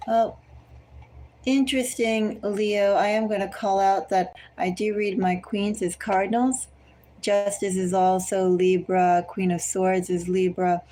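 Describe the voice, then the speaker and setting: Slow, mellow-voiced woman reading tarot. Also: mid-range voice, little pitch movement, low-quality recording. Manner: slow and deliberate, repeatedly addressing the listener by star sign. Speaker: tarot reader.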